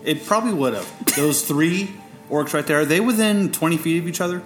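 A man's voice: a little high, animated, brisk, soft background music. Rules-minded man at the game table. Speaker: player. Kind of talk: casual tabletop play.

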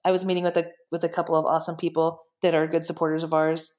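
A woman guest in casual interview chat, telling stories in an animated, excited way. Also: deep voice, fast talker. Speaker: guest, shelter director.

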